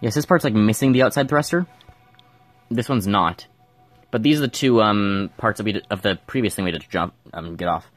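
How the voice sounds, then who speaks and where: A man's voice: fairly low pitch, fairly quick, dry recording, soft background music. A man giving casual gameplay commentary, thinking aloud and mumbling with fillers as he plays at home. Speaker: gameplay streamer.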